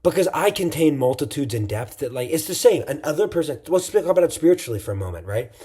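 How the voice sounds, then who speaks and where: A man's voice: fairly high pitch, sing-song, fast, warm tone, slightly rough. A tired man giving a casual, reflective vlog monologue late at night, rambling with frequent "like"s and restarts. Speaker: vlogger.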